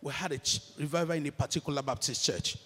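A man with a Nigerian accent preaching a sermon and telling a story, swinging from shouted declarations to hushed storytelling. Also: on the high side, fast, breathy edge. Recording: long hall reverb.

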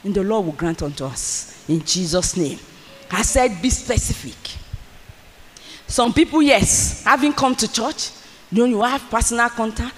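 A fervent preacher in full flow, repeating phrases for emphasis and breaking into shouts. The voice is bright and cutting, and the pitch swings widely. Long reverb from a church hall hangs on every word. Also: lively intonation, normal speed. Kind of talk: sermon.

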